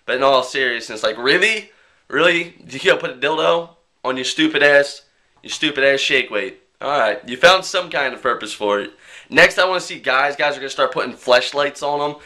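A young man talking to his webcam in a casual vlog, joking and swearing as he rants and mimics people in quick bits. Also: medium pitch, lively intonation, bright, forceful tone. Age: young adult. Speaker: vlogger.

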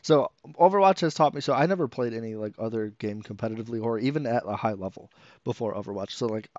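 A man, a guest player, chatting casually on a podcast, talking rapidly with many fillers and acting out quotes. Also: mid-range voice, a little mellow, no echo. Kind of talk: casual esports podcast chat. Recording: dull, lo-fi audio.

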